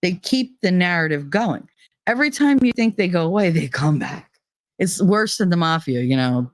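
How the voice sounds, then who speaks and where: A woman's voice: lowish voice, animated, normal speed, no echo. Woman host, casual and blunt, swears freely, laughs often; dry, close recording. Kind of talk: casual chat.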